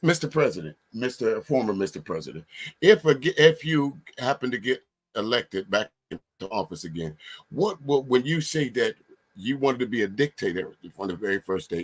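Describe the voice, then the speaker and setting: A man's voice: fairly low pitch, breathy edge. A man hosting a comedic livestream panel, asking long winding questions with many fillers and restarts. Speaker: livestream host. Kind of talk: casual comedic panel chat.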